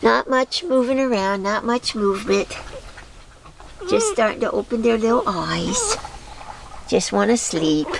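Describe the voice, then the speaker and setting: Slow, gravelly woman doting on puppies. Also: medium pitch. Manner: doting baby talk to the puppies. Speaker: dog owner filming her litter. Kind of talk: casual home video narration. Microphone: handheld camera.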